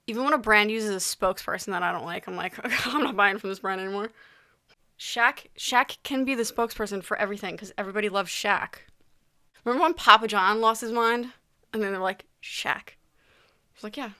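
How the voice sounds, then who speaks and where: A woman's voice: mid-range voice, brisk, pushed and bright. A young woman vlogging in a casual, rambling chat, often restarting her sentences. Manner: chatty, rambling, with frequent restarts and asides.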